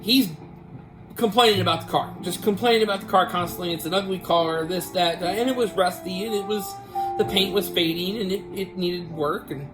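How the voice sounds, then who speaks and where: A man's voice: high voice, a little fast, low-quality recording. A man hosting a casual vlog, telling a family story in a rambling way with many restarts. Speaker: vlog host. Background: guitar music.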